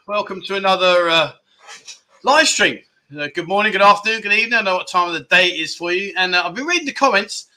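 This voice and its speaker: A chatty man hosting a livestream, greeting viewers by name as he reads out their comments. His voice is high-pitched and very bright, with a tense, sharp edge. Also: quick pace. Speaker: livestream host. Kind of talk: casual livestream chat. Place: in Pattaya, Thailand.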